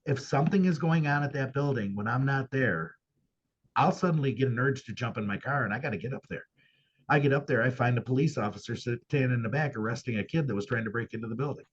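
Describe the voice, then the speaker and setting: A man's voice: mid-range voice, fast, highs cut off, slight background noise. A man who owns a paranormal venue, speaking as a guest in a casual interview and telling his experiences earnestly and emphatically.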